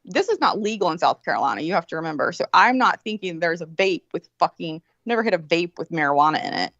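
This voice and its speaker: A woman's voice: lowish voice, fast, creaky, dry recording. Woman swearing her way through a story, dry kinda muffled audio. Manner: profane, animated, acts out quoted voices. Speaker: podcast co-host. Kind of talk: casual storytelling.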